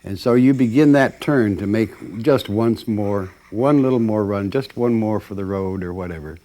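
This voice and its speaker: A man with a fairly low voice gives a storytelling talk at a moderate pace, lecturer-style. He's animated, acting out the voices of the people in his story, and uses plenty of ums and uhs.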